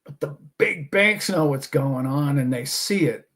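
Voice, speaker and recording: A man with a slightly high voice holds forth on his own show. He talks in an emphatic, preachy way, scoffing at doubters between his points. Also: expressive, measured pace, a bit bright. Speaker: host. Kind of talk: casual monologue.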